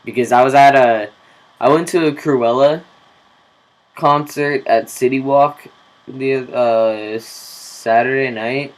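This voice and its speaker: Young guy rambling slow into his camera, cursing a lot, video diary. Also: mid-range voice, fairly even intonation, rough recording. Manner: slow, rambling, swears casually. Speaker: vlogger.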